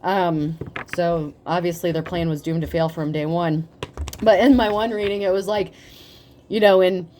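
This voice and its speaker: A woman giving a casual tarot reading, talking in a profane, animated way and laughing often. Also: on the low side, normal speed, slight background noise. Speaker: tarot reader.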